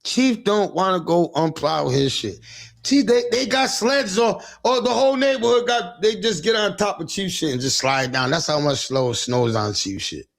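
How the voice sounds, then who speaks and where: A man's voice: high voice, animated, normal speed, gravelly. A man hosting a livestream, telling rambling, profane, teasing comic stories in casual chat. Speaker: livestream host.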